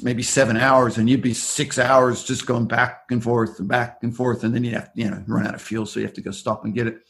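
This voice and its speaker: A man's voice: mid-range voice, a little hiss or hum. An Australian man talking loosely in a casual interview, rambling through stories with frequent restarts. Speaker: interview guest, former aerial survey worker.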